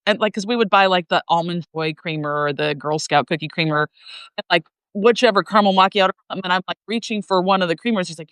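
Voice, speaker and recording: Loud, rambling middle-aged woman. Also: mid-range voice, fairly quick, no room sound, low-quality recording. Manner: rambling, many fillers and restarts; loud, passionate talker. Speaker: flight attendant sharing her story. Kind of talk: casual livestream chat.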